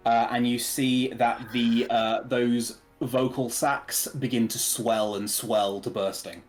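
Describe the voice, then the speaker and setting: A man narrating a tabletop game as game master, relaxed and hesitant, with many filler words. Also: mid-range voice, takes it slowly, faint music behind. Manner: relaxed, hesitant with frequent ums.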